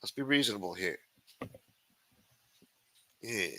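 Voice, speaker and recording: A man's voice: lowish voice, animated, slow, fairly bright tone. A man hosting a livestream, talking in a brash, profane mob boss persona. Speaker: livestream show host.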